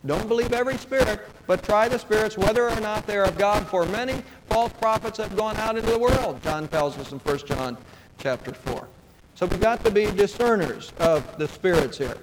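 A male pastor preaching a sermon to his congregation, asking rhetorical questions and answering them himself. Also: high voice. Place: church sanctuary. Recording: hall reverb with clear background noise.

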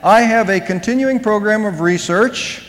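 A man's voice: high-pitched, moderate pace, big-room sound, lightly acted, low-quality recording. A man voicing a proud mother who gives her job a grand, mock-formal title, in a raised, emphatic voice.

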